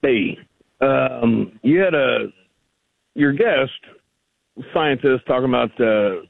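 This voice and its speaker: Gravelly male caller on a phone line. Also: mid-range voice, expressive, slow, no room sound. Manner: argumentative, rambling. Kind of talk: call-in conversation.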